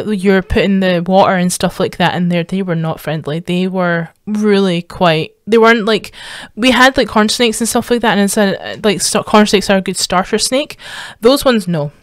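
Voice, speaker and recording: A Scottish woman giving casual reaction commentary as a streamer, rambling and sweary, breaking into excited squeals and laughter. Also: mid-range voice, smooth, no room sound, studio quality. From Scotland.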